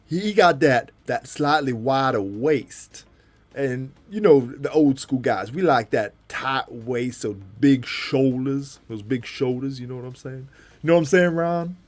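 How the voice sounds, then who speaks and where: A man doing an impression of a veteran male bodybuilding champion, drawing his words out slowly in a raised, easygoing voice with repeated asides. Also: medium pitch, natural voice.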